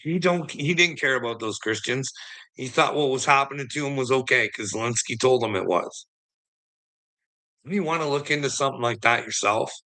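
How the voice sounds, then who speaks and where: A man from Canada rants in a loose, unscripted monologue, his voice bright and forceful. He swears freely, wanders off mid-sentence and lets out short laughs between points. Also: medium pitch, moderate pace. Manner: profane, rambling, laughs between remarks. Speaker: political commentary host. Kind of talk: casual ranting monologue.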